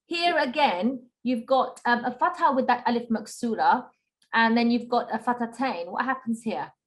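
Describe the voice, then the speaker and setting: A woman's voice: fairly high pitch, moderate pace. A woman co-teaching an online lesson, asking questions and checking each point with tag questions like "right?".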